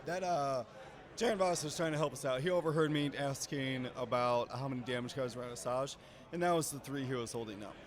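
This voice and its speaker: A man co-commentating a tabletop game match live, analytical and quick to weigh in. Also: mid-range voice. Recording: busy crowd chatter behind.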